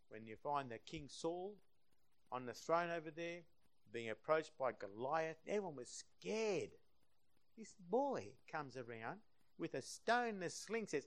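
A man preaching a sermon, swinging between loud passionate emphasis and hushed, quiet stretches. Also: fairly high pitch, very animated, moderate pace, creaky.

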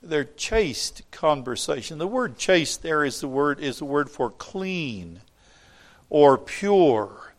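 A man's voice: on the high side, very animated, takes it slowly. A man preaching a sermon, reading scripture aloud and explaining it with wry asides to the congregation.

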